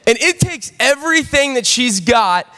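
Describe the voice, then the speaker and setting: A young pastor with a very high voice preaches to a full church, telling a lively story and calling out to the crowd. Long reverb from the big auditorium hangs on his words. He talks in an animated way and keeps checking in with the room. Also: moderate pace. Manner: storytelling, animated, audience call-outs. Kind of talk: sermon.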